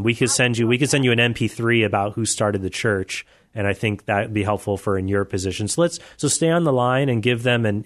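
A man hosting a call-in radio show, talking in a friendly, quick way and often restarting his phrases. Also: mid-range voice. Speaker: radio host.

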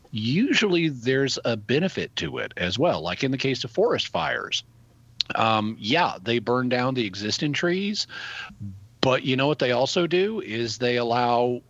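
A man who answers questions as the show's expert, explaining things step by step in a measured way and restarting phrases as he thinks. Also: medium pitch, a bit bright, no room sound. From United States. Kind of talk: explanatory conversational talk. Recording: dull, dry lo-fi audio.

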